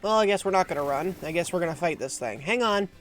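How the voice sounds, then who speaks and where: A woman's voice: lowish voice, expressive, fast talker, soft background music. A woman streaming a video game, chatting casually with a self-mocking, laugh-prone manner. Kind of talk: casual live gameplay commentary.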